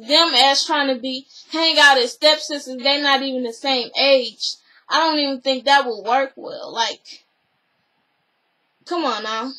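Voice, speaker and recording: A woman's voice: high voice, sharp tone, poor audio. A young woman, casually recapping a reality show and giving her opinions. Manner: chatty, opinionated, retells scenes with quoted voices.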